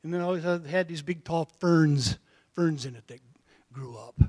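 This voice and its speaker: A man preaching a sermon in a folksy storytelling way, moving from quiet asides to loud calls to the congregation. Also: on the high side, normal speed, slightly rough. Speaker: pastor.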